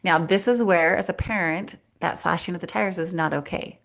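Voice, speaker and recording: A woman co-hosting a podcast as a life coach, talking in an animated, emphatic way and acting out voices in casual conversation. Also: fairly low pitch, normal speed, creaky. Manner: animated, acts out children's voices, repeats for emphasis.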